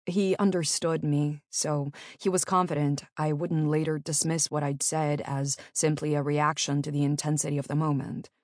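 A middle-aged woman narrating her own memoir in an earnest, measured storytelling manner. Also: low voice, a little mellow, no room sound, studio quality.

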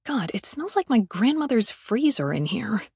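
A woman reading an audiobook, voicing a blunt, sarcastic young heroine who snaps back fast. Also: on the high side, big pitch swings, vocal fry, darkish tone, slightly rough, no echo, clean studio sound, full character voice. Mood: snappy. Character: brash, impatient young woman on a space station.

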